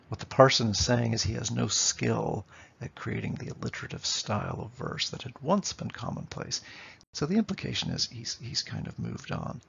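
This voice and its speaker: A man's voice: medium pitch, very animated, normal speed, gravelly, fairly bright tone, slightly rough, dull audio. A man teaching literature in a lecture, explaining and tapping out rhythms aloud, often checking in with "okay?". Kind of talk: classroom lecture.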